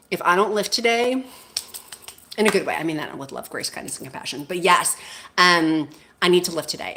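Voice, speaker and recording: Woman host, lower voice, effusive livestream chat, squeals hellos to viewers. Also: a bit bright. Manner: gushing, effusive, jumps to squeals greeting viewers. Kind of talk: casual livestream chat, reading comments.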